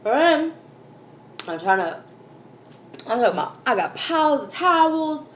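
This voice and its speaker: A woman's voice: high voice, a little slow. A woman, a mother, telling a story animatedly to her viewers in a casual chat while eating. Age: adult, mother of a school-age daughter. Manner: animated, exclaiming, addresses viewers as y'all. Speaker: food vlogger. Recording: echoey room, faint background noise.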